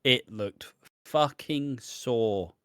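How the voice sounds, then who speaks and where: A man's voice: mid-range voice, extremely slow, a bit bright, smooth, dry recording, clean studio sound. A man co-hosting a podcast, reviewing wrestling in casual, sweary chat that rambles and breaks into laughs. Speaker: podcast co-host.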